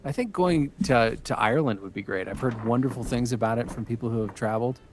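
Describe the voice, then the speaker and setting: Man chatting with halting fillers. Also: medium pitch, soft background music. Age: adult with young children. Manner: hesitant, many fillers and restarts. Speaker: voice actor guest. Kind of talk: casual podcast chat.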